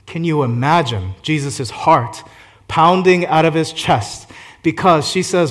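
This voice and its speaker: A man preaching a sermon as a pastor, shifting from gentle hushed passages to loud fervent climaxes. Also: on the high side, normal speed.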